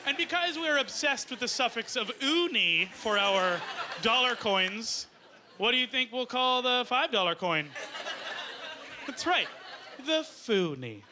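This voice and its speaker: A man performing an excitable, jokey stand-up comedy set on stage with a handheld mic, his voice rising to shouts. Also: very high-pitched, measured pace, a crowd in the background. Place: comedy stage before a live audience. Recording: loud live audience noise.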